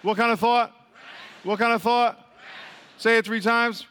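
High-voiced preacher quizzing his congregation. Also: steady tone, a little slow, fairly bright tone, clear, resonant tone. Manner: repeats questions, quizzes the crowd, laughs often. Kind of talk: call-and-response Bible teaching. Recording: long hall reverb.

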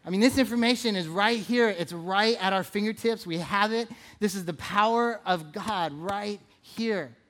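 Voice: mid-range voice, moderate pace, hardly any pauses, a bit bright. Conversational, playful preacher in church. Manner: conversational, playful, asks the audience questions; repeats phrases for emphasis. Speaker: pastor. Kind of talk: sermon.

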